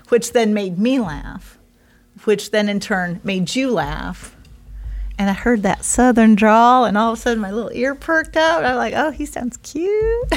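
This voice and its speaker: Chatty, giggly woman from Iowa. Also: medium pitch. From Iowa, United States. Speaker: co-host telling how the couple met. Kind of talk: casual chat.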